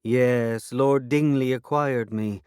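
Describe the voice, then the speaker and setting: A man's voice: mid-range voice, measured pace, clean tone, no echo, clean studio sound, voice pushed up, lightly acted. A man voicing a defiant fairy woman. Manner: proud, sharp and defiant. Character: defiant female guardian fairy.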